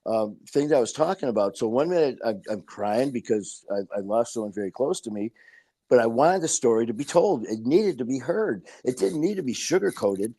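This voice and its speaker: A man's voice: medium pitch, lively intonation, brisk, mellow, husky. Candid, swearing man telling stories. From Detroit, Michigan. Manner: candid, swears freely, tells stories with quoted dialogue. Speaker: podcast guest. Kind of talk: casual interview talk.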